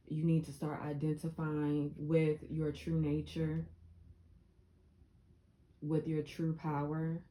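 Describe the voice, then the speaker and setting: Low, mellow-voiced woman vlogger. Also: slight background noise, poor audio. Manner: earnest, repeats for emphasis, laughs often. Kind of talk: casual motivational talk.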